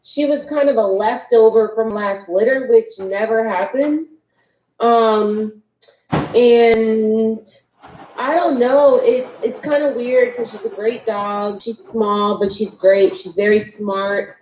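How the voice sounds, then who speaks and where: Texan woman co-host, mellow and halting, roomy dull recording with faint hiss. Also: fairly high pitch, steady tone. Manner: halting, many ums and restarts. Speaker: co-host, dog breeder. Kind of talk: casual chat.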